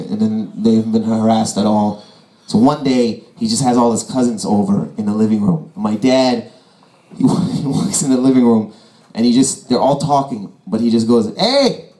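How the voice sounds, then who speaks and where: A man's voice: on the low side, dark tone. Young guy doing stand-up, keeps slipping into his dad's voice, roomy echoey club sound. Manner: acts out his immigrant dad's lines with a put-on voice. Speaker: stand-up comedian. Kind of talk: stand-up comedy set. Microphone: handheld stage mic, phone-recorded.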